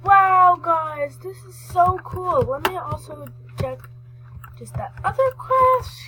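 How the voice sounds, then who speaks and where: A woman giving chatty, excitable commentary while playing a horse game, rambling and restarting her sentences. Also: very high voice, slow, poor audio. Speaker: gaming vlogger.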